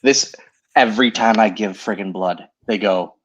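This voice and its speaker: A man's voice: fairly low pitch, normal speed, a bit bright, lo-fi sound. Dry-joking guest wrestler, a man. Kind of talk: casual chat over drinks.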